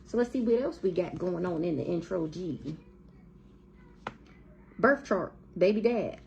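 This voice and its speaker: Woman tarot reader, blunt and profane, gravelly voice; dull lo-fi recording. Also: on the low side, expressive, unhurried, a little mellow, slight background noise. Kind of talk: casual tarot storytime monologue.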